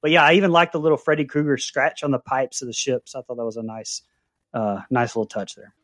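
A man's voice: mid-range voice, steady tone, quick pace, a bit bright, dry recording, clean studio sound. A man co-hosting a film review podcast, giving casual opinions with hedges and frequent fillers. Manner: hedging, many "uh" fillers. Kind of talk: casual chat.

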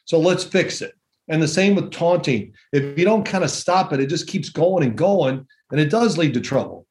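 A man's voice: a little high, animated, moderate pace, darkish tone. Chatty storytelling man in his sixties. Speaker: guest, former pro quarterback. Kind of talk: casual podcast chat.

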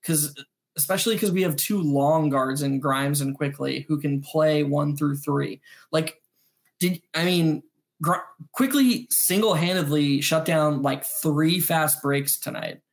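A man co-hosting a postgame sports podcast, breaking down plays in quick, animated analysis with some restarts. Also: a little high, gravelly. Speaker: podcast co-host.

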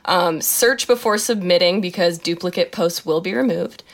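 A woman's voice: fairly low pitch, moderate pace. A woman co-hosting a casual podcast, reading out forum rules with joking asides and frequent laughs. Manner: laughs often, reads rules aloud with asides. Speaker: podcast co-host.

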